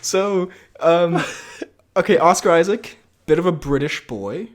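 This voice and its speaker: A man's voice: fairly high pitch, a little slow. A young man co-hosting a podcast in casual chat, rambling and laughing often. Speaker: podcast co-host.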